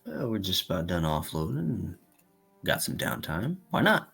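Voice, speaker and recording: A man voicing an easygoing male sailor in a tabletop game, drawling and relaxed. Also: low voice, normal speed, gravelly, breathy edge, soft background music, heavily acted. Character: laid-back male fire genasi sailor.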